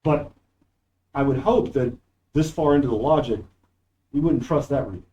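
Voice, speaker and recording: A man's voice: mid-range voice, moderate pace, mellow, muffled recording. A man giving a university philosophy lecture in a classroom, talking in an emphatic, discursive way, recorded without a proper microphone. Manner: discursive, emphatic, reads quoted passages aloud. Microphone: no microphone, audio cleaned up after.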